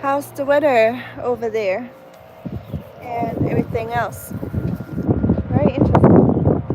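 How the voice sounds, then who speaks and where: A woman's voice: on the high side, fairly even intonation, unhurried, heavy background noise. A young woman from Germany with a German accent, chatting casually and laughing often as she walks her dog outside on a live stream. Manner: chatty, laughs often, reads and answers chat. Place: outdoors, walking a dog.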